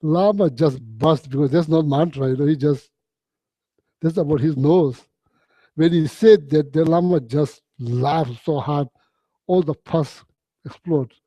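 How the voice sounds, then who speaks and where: Man, Buddhist teacher; slightly high, warm voice; halting, chuckly storyteller. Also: dry recording. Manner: halting, repeats words, chuckles often, chatty. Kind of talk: relaxed dharma talk storytelling.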